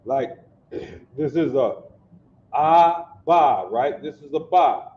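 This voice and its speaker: A man teaching a language class at a slow, patient pace, repeating sounds and often asking his students whether they follow. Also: a little high, lively intonation. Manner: slow, repetitive, checks understanding often. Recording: echoey room, dull lo-fi sound.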